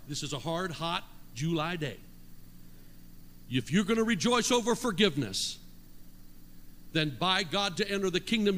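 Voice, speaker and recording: High bright guy preaching in a church, shouts and call-and-response, big hall echo. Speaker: pastor. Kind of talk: sermon. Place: church sanctuary. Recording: long hall reverb, faint noise.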